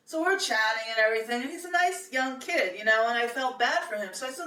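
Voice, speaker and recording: A woman's voice: fairly high pitch, expressive, quick pace, few pauses, sharp tone. A middle-aged woman tells a personal story in a chatty, meandering way. She doubles back with fillers and restarts as she goes. Her voice sits in an echoey room, a little distant from the mic.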